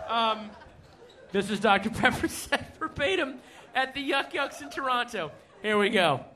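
A man hosting a comedy chat, excitable and swearing, laughing between words. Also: extremely high pitch, a little slow.

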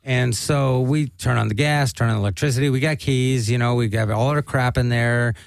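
A man's voice: mid-range voice, moderate pace, gravelly, no room sound, poor audio. A man telling a long, profane story on a casual talk show and acting out the voices of the people in it. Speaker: guest comedian.

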